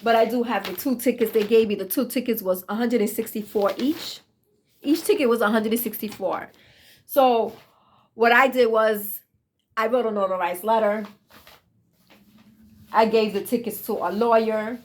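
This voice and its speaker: A woman's voice: a little high, normal speed, long pauses. Earnest woman telling her testimony. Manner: earnest, emotional, repeats herself for emphasis. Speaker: vlogger sharing a testimony. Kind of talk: casual personal storytelling.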